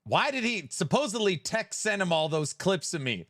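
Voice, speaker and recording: A man's voice: sits high, very animated, normal speed, bright, forceful tone, dry recording, studio quality. A man hosting a live stream in a playful, jokey way, greeting viewers by name as he reads the chat.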